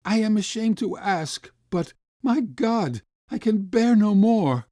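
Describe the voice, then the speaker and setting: A man's voice: high voice, animated, slow, warm tone, no room sound, clean studio sound, voice pushed up. A man voicing a poor, starving father who speaks in a hollow, shaking voice. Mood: pleading.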